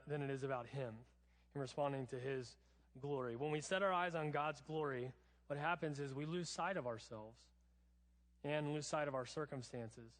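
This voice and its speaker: A male pastor preaching a sermon in a casual, chatty way with touches of humor. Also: medium pitch. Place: church sanctuary. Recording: long church hall reverb.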